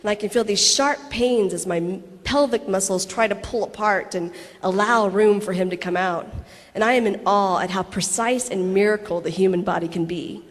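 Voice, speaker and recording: A woman's voice: medium pitch, moderate pace. Thirtysomething woman reading her own story onstage, laughing asides, big echoey hall. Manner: lively storytelling with laughing asides and acted quotes. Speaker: actress reading a personal letter on stage. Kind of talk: reading aloud a personal story to a convention audience. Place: large convention hall.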